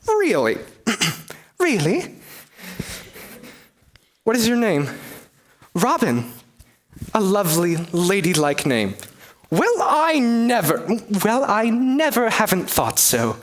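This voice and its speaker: A young man voicing a young male outlaw hero disguised as a fussy, prim lady in a high put-on voice, in a comic one-man play. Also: huge pitch swings, slow pace, pauses often, a little hiss or hum, exaggerated voice. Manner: prim, fussy, fake-genteel.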